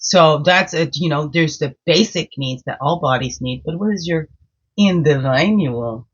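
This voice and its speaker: A woman's voice: deep voice, unhurried, breathy edge. Woman host of a daily card-reading vlog; sing-song, heartfelt chatter over muffled lo-fi audio. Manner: sing-song greetings, chatty and openly emotional, frequent laughs. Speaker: spiritual guide and medicine woman. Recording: dull lo-fi sound.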